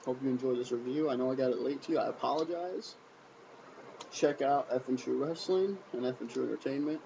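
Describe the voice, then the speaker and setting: A man giving a casual solo wrestling review, animated and repetitive, full of sarcastic rhetorical questions. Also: mid-range voice, brisk, creaky, slight background noise, low-quality recording.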